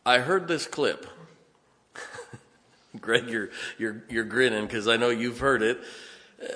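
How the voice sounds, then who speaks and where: A man's voice: medium pitch, expressive, takes it slowly, long pauses, bright, forceful tone. A man preaching a sermon, telling stories in a folksy way and often correcting himself mid-sentence. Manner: folksy storytelling, self-correcting. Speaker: pastor. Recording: long hall reverb.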